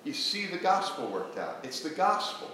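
A man's voice: fairly high pitch, moderate pace. Male pastor, sermon, earnest, questioning, echoey church hall, faint room hum. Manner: questioning the congregation, earnest and animated. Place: church sanctuary.

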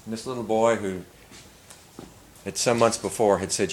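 An older man delivers a sermon in a very low voice, earnest and given to loud swells of emphasis. A faint background hum sits behind him. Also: fairly even intonation, normal speed, poor audio. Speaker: pastor. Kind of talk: sermon storytelling.

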